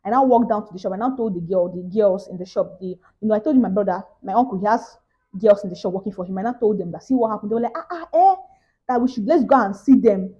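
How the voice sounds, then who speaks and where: A woman's voice: medium pitch, fast talker, dark tone, slightly rough, lo-fi sound. A young Nigerian woman with a Nigerian accent, telling a story in a casual vlog and acting out the other people's voices. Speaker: vlogger.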